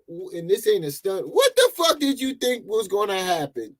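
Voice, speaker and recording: A man's voice: high voice, sing-song, moderate pace. A man giving mocking, laughing commentary as he reacts to a video clip.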